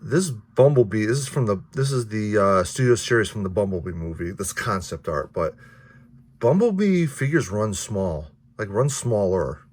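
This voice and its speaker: A man's voice: lowish voice, lively intonation, moderate pace, darkish tone. A man casually reviewing action figures, rambling with many restarts and the odd curse. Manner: offhand, mildly profane. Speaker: toy reviewer.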